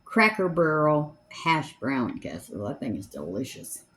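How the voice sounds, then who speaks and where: An older woman in her seventies with a drawl talks through her makeup routine at home. She rambles along in a chatty, homespun way, her voice sitting a little low for a woman. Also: big pitch swings, moderate pace, a bit bright. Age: 70s. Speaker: makeup vlogger. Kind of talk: casual chat while doing makeup. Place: home, seated in a chair.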